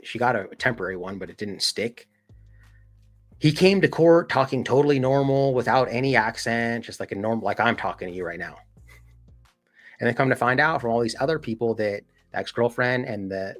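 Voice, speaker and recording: A man hosting a casual livestream chat, talking emphatically with lots of "like" and "dude". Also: medium pitch. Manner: animated, emphatic, heavy use of "like" and "dude". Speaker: podcast host.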